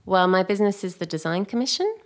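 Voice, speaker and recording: A woman's voice: medium pitch, animated, fast. A woman with an English accent, a guest chatting casually on a radio show and rambling with many fillers. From England. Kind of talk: casual chat.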